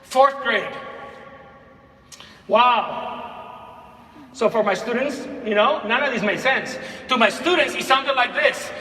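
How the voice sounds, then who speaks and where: A man giving a conference keynote on teaching, talking in an animated way and repeating phrases for emphasis. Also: very high voice, takes it slowly, pauses often. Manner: animated, dramatic read-aloud with repeated phrases. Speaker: keynote speaker. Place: large hall. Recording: echoey hall from far off.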